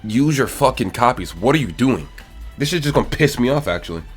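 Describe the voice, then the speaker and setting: A man's voice: mid-range voice, expressive, fairly quick, soft background music. A young man giving casual gaming commentary, blunt and exasperated as he reviews an account and swears often.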